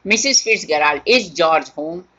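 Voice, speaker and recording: A woman's voice: low voice, animated, measured pace, a bit bright, full character voice. A teacher reading as a timid, nervous neighbour woman. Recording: dull lo-fi recording.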